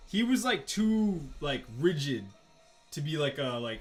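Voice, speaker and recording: A man's voice: fairly high pitch, sing-song, unhurried, faint music behind. A man talking casually while he draws, rambling through stories with lots of fillers and swearing. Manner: rambling, profane, filler-heavy storytelling. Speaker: artist vlogger.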